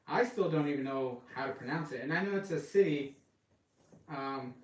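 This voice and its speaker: A man's voice: a little high, animated, normal speed, roomy sound, poor audio. A man from the western United States hosting a live cooking stream, chatting casually and rambling off topic as he talks to his viewers. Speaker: cooking channel host.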